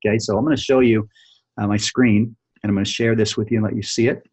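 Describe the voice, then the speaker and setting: A man with a low, slightly husky voice leads a sales training session over a video call. He coaches in a loose, conversational way, full of fillers, and keeps checking in with the listener. The sound comes through a plain computer mic. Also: steady tone, quick pace, a little mellow. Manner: coaching, repeats "right?" and "okay?", thinks aloud with fillers. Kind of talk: screen-share sales training.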